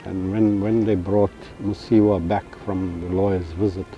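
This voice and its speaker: A man with a very dark, low voice gives documentary testimony, recounting slowly with pauses. Faint music plays underneath. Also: fairly even intonation, highs cut off. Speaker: former political prisoner interviewee.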